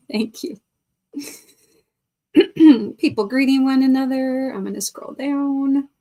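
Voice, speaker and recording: Middle-aged lady hosting a livestream, slightly high voice, unhurried, giggles a lot greeting folks. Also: mellow. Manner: chatty, laughs often, greets viewers by name. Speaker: livestream host. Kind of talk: casual chat reading live comments.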